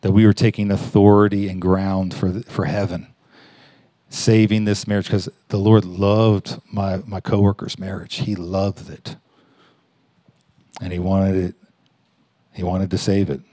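A man preaching in a conversational way, telling a story with halting restarts and rising emphasis. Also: sits low, level tone, mellow, no room sound. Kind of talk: conversational sermon.

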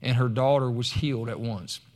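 A man preaching a sermon, animated, rising to loud emphasis when he reads scripture. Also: medium pitch, moderate pace.

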